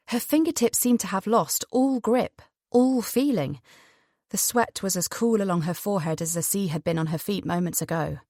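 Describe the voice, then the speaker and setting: A woman narrating a thriller audiobook in an expressive storytelling manner. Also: mid-range voice, no room sound, studio quality.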